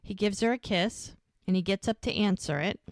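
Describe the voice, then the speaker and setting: A woman's voice: medium pitch, moderate pace, no echo. Woman recapping an episode, dry sound. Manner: retells scenes in detail, acting out quoted lines. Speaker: podcast co-host.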